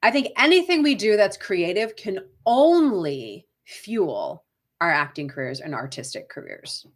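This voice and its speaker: A middle-aged woman with a Boston accent talks shop in a loose, chatty way, often checking in with a quick "right?" as she goes. Her voice sits at an ordinary middle pitch for a woman, and she hosts an unscripted live coaching session. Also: big pitch swings. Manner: chatty, frequent "right?" tag questions, reads viewer comments aloud. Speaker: acting career coach. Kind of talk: live-stream coaching chat.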